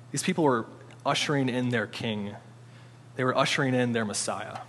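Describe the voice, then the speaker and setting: Man preaching in a reverberant hall. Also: medium pitch. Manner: informal, animated, with frequent restarts. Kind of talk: conversational sermon.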